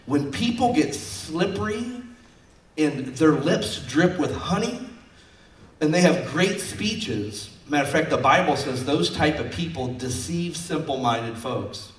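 A man's voice: a little high, sing-song, slow pace, echoey room, distant mic. A man preaching a sermon as pastor, folksy and conversational, acting out quotes from his stories.

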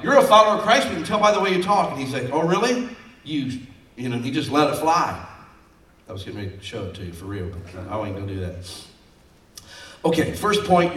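A man's voice: mid-range voice, a bit bright, roomy sound, recorded from a distance. A man preaching a sermon as pastor, folksy and conversational, acting out quotes from his stories.

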